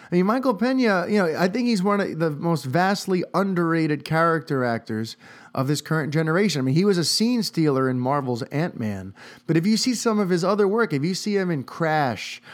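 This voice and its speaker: A man hosting a podcast, talking casually and animatedly on his own, with many fillers. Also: on the high side. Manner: animated, talkative, many "you know" fillers. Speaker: podcast host. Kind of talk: casual solo commentary.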